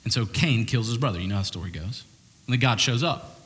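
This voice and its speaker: Animated conversational preacher man. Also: medium pitch, fast talker, big-room sound. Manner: animated, conversational, jokey asides. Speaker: pastor. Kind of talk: sermon. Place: church hall with congregation.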